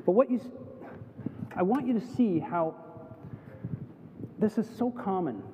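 Speaking a little slowly in a high voice, a Canadian pastor tells stories during his sermon and voices each character himself. Slight background noise accompanies the tinny, phone-like sound, which reverberates through a large hall.

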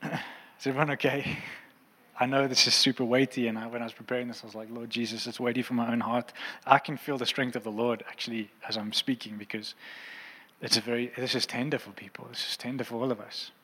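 A man's voice: medium pitch, steady tone, fast, bright, forceful tone, breathy edge, in a large hall, poor audio. A man preaching a sermon as a pastor, earnest and impassioned, in a church auditorium.

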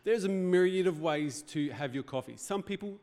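A man's voice: high voice, expressive, normal speed, darkish tone. A man preaching a sermon as pastor, in a conversational, joking way with rhetorical questions. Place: church hall.

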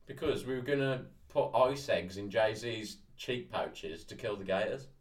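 A man's voice: fairly low pitch, a little slow. A man co-hosting a podcast, chatting and swearing in laid-back banter. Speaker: podcast co-host. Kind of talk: crude casual banter. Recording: a bit far from the mic.

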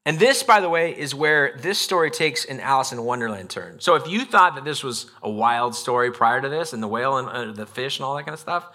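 A man's voice: medium pitch, animated, fairly quick, hardly any pauses, bright, forceful tone. A man giving a conversational sermon as pastor, reading scripture aloud and acting out the people in the story. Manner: conversational preaching, acts out Bible figures and a parent; reads scripture aloud with emphasis.

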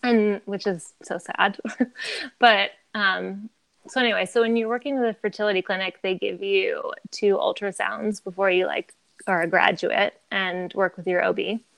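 A woman's voice: medium pitch, fairly even intonation, normal speed, creaky, a bit bright, dry recording. A woman in her thirties, a podcast guest telling her story in a candid, chatty way, filling her talk with "like" and laughing often.

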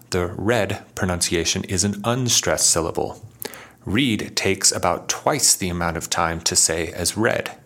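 A man hosting an educational poetry podcast, reading a scripted lesson that explains syllable stress, slowing down to sound out example words. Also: sits low, fairly bright tone. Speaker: podcast host.

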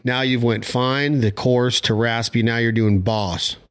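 A man's voice: mid-range voice, fairly even intonation, a little slow, clean tone. A man hosting a podcast, giving short cues and eager questions to his guest. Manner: prompting and short commands, enthusiastic. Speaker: podcast host. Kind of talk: casual podcast interview.

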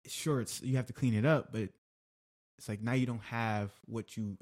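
A man's voice: medium pitch, steady tone, moderate pace, a little mellow. Young guy on a podcast just rambling honestly about his stuff, lots of restarts. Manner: candid and confessional, rambling with restarts. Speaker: podcast host. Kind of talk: casual podcast chat.

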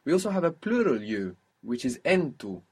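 A man's voice: mid-range voice, sing-song, fast, slightly rough. A man teaching a spoken language lesson, patiently coaching pronunciation step by step.

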